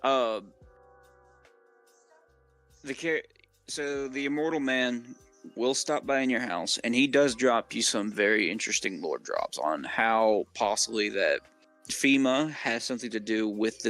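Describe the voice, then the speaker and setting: A man with a Southern US accent talks through game theories in a loose, rambling way. He keeps saying "like" and restarting his sentences, and his voice sits at an ordinary pitch. Soft music plays behind him. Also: measured pace. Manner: rambling, many fillers and restarts. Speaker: co-host. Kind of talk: casual gaming lore chat.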